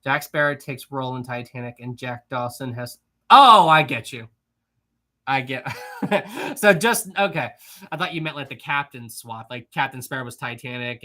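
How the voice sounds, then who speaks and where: Bright-voiced giggly livestream host. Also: male voice, medium pitch. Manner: chatty, giggly, rambling with many restarts. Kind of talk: casual livestream chat, reading super chats.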